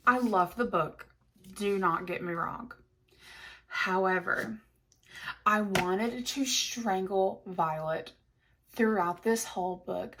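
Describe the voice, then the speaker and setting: A woman's voice: medium pitch, measured pace, sharp tone. Chatty, gushing woman book vlogger. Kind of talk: casual chat to camera.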